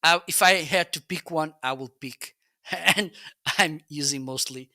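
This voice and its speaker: Bright-voiced man reviewing gear. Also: fairly high pitch, a little slow, dry recording, studio quality. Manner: chatty, repeats "okay?", frequent restarts. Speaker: live-stream product reviewer. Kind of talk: casual product review livestream. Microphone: close dynamic studio mic.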